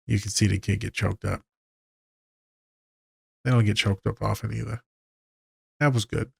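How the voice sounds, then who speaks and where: A man's voice: lowish voice, fairly even intonation, normal speed, gravelly, husky, no echo. A man, a therapist hosting a podcast, talking casually, candid and profane with a joking edge.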